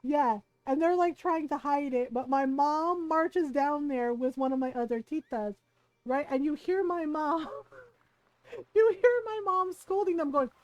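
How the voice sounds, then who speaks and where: High-voiced woman telling a family story. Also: unhurried, dull audio. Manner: animated, chatty storytelling with frequent asides. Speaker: game streamer. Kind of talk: casual storytelling while playing a game.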